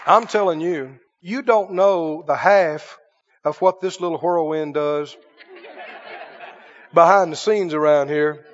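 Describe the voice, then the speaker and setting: A man pastors his congregation in an emphatic preaching style, often pausing to ask if they are with him. His voice sits high for a man. The recording is dull and muffled, with a long church reverb trailing behind him. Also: a faint crowd. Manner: emphatic preaching with call-and-response questions. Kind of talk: sermon. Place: church sanctuary.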